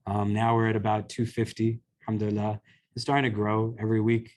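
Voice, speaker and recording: An imam speaks to a gathered group in a relaxed, conversational way. He is earnest and warm in tone, with plenty of filler words and asides to his listeners. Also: on the low side, fast talker. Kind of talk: informal religious talk. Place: community center hall.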